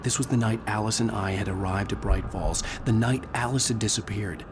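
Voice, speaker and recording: A man's voice: lowish voice, brisk, noisy background, close to an everyday voice. An actor playing a haunted male novelist, narrating in a grave, reflective way over game music. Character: haunted male novelist searching for his lost wife. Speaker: narrator and lead character. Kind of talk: video game voice acting.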